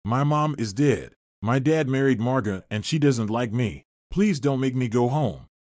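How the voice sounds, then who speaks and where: A timid little runaway boy with a tremulous, tearful voice, as a man reading the story puts him on. He begs quietly. The sound is dry, close to the mic. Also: medium pitch, expressive, a little slow, no echo, natural voice. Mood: pleading.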